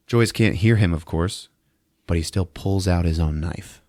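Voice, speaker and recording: A man hosting a podcast who recaps a movie in casual, animated speech, swearing and acting out the scenes. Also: sits low, measured pace, dry recording, studio quality. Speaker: podcast host. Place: podcast studio.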